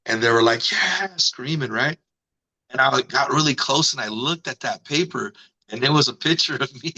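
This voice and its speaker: Man, radio personality guest, animated storyteller, bright forceful voice, casual fillers. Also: vocal fry, rough recording. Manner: animated, acts out quotes in higher voice; fillers like "you know", "man". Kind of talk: storytelling interview.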